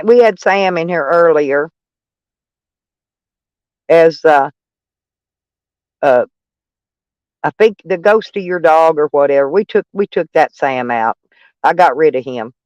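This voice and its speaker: On a live stream, a man from Arkansas with a Southern drawl rambles through viewer comments, pokes fun at himself, and bursts into laughs. His voice is high for a man, smooth and polished, recorded dry and close without room echo, though the audio sounds dull.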